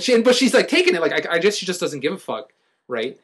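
A young man in casual chat, telling a story in an animated way with frequent fillers. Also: fairly high pitch, quick pace, husky.

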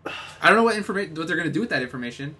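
A man co-hosting a casual podcast chat, animated and excitable. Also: fairly high pitch, rapid-fire. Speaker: podcast co-host.

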